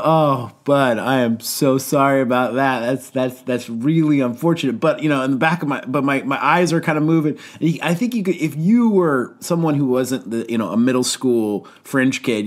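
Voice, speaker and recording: A man co-hosting a podcast as a youth pastor, telling a funny story in casual chat, laughing often and acting out the quoted lines. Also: mid-range voice.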